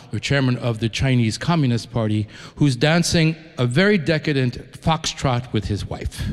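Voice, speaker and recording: A man from New York who conducts an orchestra, introducing a concert to the audience in an enthusiastic, conversational way with frequent restarts. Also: fairly high pitch. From New York, United States. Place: concert hall. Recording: long concert-hall reverb.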